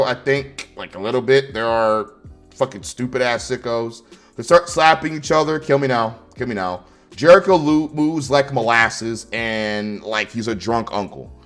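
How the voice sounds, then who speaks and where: A man's voice: medium pitch, a bit bright. A man ranting through a wrestling show review, angry and sarcastic, swearing constantly.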